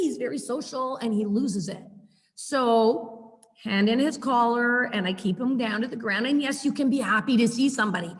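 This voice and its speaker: A woman dog trainer teaching a webinar over a video call, chatty and lively, repeating words for emphasis. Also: fairly high pitch, normal speed. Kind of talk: webinar lesson. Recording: echoey video call audio.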